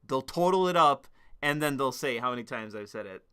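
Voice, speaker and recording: Give me a rambling, foul-mouthed young man on a stream, with a smooth, clear voice. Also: medium pitch, animated, brisk, bright, forceful tone. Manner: rambling, profane, laughs at himself. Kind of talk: casual stream commentary.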